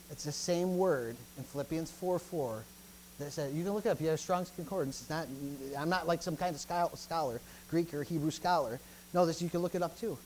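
A pastor preaching a sermon who swings between loud, emphatic lines and hushed asides and keeps repeating praise phrases. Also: mid-range voice.

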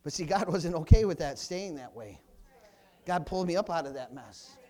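A male pastor preaching a loud, fiery sermon in church, punctuated with hallelujahs. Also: on the high side, animated, normal speed.

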